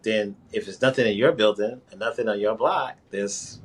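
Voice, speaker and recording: A man from New York talking in a casual, rambling conversation, with halting restarts and quick laughs. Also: fairly low pitch, husky. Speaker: guest.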